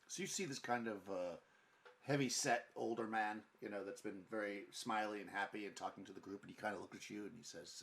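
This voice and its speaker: A man narrates a tabletop game as game master, easy-going and full of fillers. His voice sits on the low side. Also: fairly quick, gravelly. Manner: relaxed, with frequent fillers.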